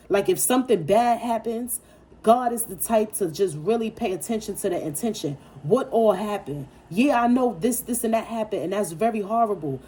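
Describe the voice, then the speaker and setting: With a mellow, mid-range voice edged with breathiness, this woman reads tarot in a casual spiritual session. Her delivery is forceful and sermon-like, blunt and full of profanity, with phrases repeated for emphasis.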